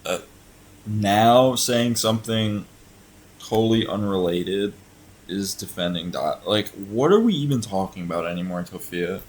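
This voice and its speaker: A man's voice: lowish voice, unhurried, slight background noise. A man hosting a reaction video, exasperated and sarcastic, swearing often and sounding tired. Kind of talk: reacting to a clip with commentary.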